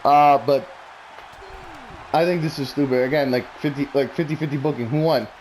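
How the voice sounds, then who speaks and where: A man's voice: medium pitch, fairly even intonation, normal speed, darkish tone, slight background noise. A man talking casually and bluntly, rambling through opinionated predictions with plenty of swearing. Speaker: wrestling commentary vlogger.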